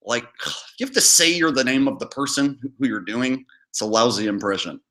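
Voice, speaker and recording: A man's voice: mid-range voice, animated, normal speed, pushed and bright. A man hosting a reaction video, mocking and sarcastic and often laughing. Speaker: host. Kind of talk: reaction commentary.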